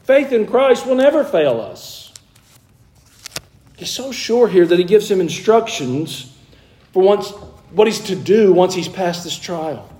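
A man's voice: sits high, big pitch swings, a little slow, pauses often, warm tone. Earnest man preaching a sermon. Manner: earnest, emphatic, with frequent restarts and rising stresses.

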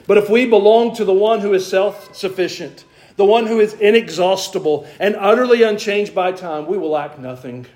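A man's voice: sits high, normal speed, a little mellow. Southern man preaching a sermon. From American South. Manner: earnest preaching, varied emphasis, asks the congregation questions. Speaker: pastor. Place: church.

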